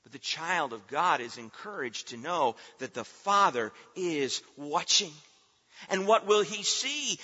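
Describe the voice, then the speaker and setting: High, bright-voiced man preaching a sermon. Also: very animated, a little slow, slightly rough, big-room sound, highs cut off. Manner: emphatic, rhythmic repetition with swelling and dropping delivery. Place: church sanctuary.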